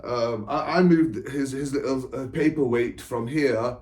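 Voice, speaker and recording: A man's voice: medium pitch, measured pace, a little mellow. A man, an author and spiritual coach, telling a personal story to camera in a meandering way, with restarts, laughs and frequent "right?" checks. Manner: breaks into short laughs while talking. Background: England.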